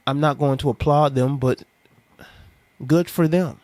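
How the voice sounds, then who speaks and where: A man's voice: on the high side, measured pace, no room sound. Sarcastic ranting young man, dry sound. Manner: animated, sarcastic, preachy with laughs. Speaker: commentary vlogger. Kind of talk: ranting monologue to camera.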